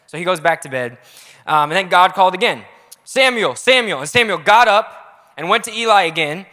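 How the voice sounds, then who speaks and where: A young adult man preaching a casual, energetic youth sermon in a church auditorium, talking directly with the crowd. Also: high voice, fairly quick. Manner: energetic, casual, audience-engaging. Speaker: youth pastor. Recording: echoey hall.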